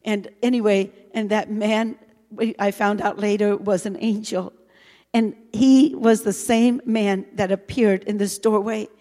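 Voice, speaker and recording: A woman's voice: mid-range voice, steady tone, a little slow, dark tone. Earnest woman preaching in a reverberant hall. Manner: earnest storytelling with many "you know" fillers. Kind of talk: testimony sermon.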